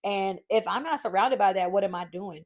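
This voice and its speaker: A woman hosting her own podcast, talking solo in a lively, encouraging way from her home craft room, calling her listeners "y'all.". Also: mid-range voice, fairly quick. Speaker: podcast host. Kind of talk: casual solo podcast monologue.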